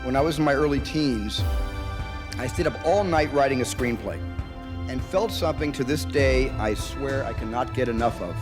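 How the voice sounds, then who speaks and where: A man's voice: mid-range voice, normal speed. Earnest man giving a speech over music. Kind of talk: prepared speech.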